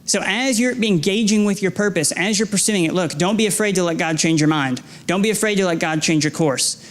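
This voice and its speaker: In a church sanctuary, a young adult man gives a sermon as a guest speaker in a high-pitched, fairly quick voice. Earnest and exhorting, he repeats phrases, stammers and restarts when emphasizing points, and tells self-deprecating stories.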